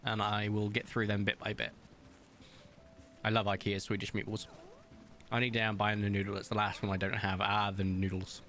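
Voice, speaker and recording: A man streaming a game, chatting casually, reading viewers' messages aloud and telling stories, with big playful jumps in pitch. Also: monotone, normal speed, pauses often, fairly bright tone, a little hiss or hum. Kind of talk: casual chat while gaming, reading chat aloud.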